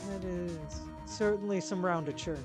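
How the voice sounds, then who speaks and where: A woman's voice: on the low side, moderate pace, music in the background, lightly acted. Phoenix Wright, read by a woman, wry. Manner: wry, dry inner remarks. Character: young male defense attorney, wry and doubtful.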